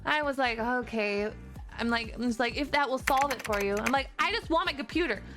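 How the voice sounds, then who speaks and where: A woman streamer telling a story in a casual rant, animated and exasperated, swearing freely. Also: fairly high pitch, fairly quick. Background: background music.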